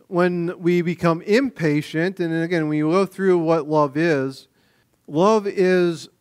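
High-voiced man preaching a lively sermon. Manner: animated preaching, swinging from loud emphasis to quiet low asides; acts out quoted voices of everyday people. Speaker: pastor.

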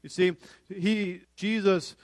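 A man preaching with a western Pennsylvania accent, his voice pitched high. He acts out the people in his story, climbing to loud emphasis and then dropping to a low, quiet hush. The sound is dry and close, with no room echo. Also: steady tone, slow. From northwest Pennsylvania. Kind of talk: sermon.

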